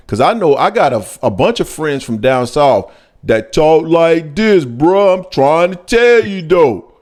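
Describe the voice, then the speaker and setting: An emphatic man hosting a casual sports talk show. His voice sits at a middle pitch for a man, and he leaps up sharply when he wants to stress a point. He talks it through with his co-host in a relaxed, conversational way.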